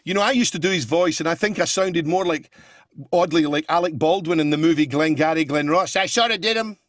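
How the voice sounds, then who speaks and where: Male impressionist guest, lively anecdotal chat, slightly high, dry. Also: brisk, no echo. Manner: lively anecdotes, bursts of laughter and voices. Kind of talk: casual talk-show chat.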